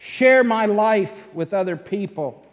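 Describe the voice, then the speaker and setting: Brief: man acting out a gentle, unhurried Jesus in a sermon retelling, hushed and slow. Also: lively intonation, in a large hall. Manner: soft, slow, low-voiced.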